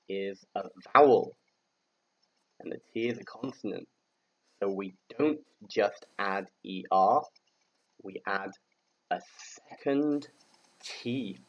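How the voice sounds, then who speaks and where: A British man teaches English grammar to learners in slow, clear classroom style, patiently spelling out letters and repeating words for them to echo. His voice is lowish with a fairly bright tone, and the recording is rough.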